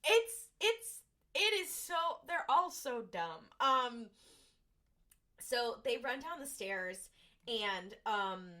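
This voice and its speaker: A young woman co-hosting a podcast, retelling a TV episode in a rambling, animated way, full of fillers and acted-out quotes. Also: a little high, slow. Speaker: podcast co-host. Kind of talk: casual chat recapping an episode.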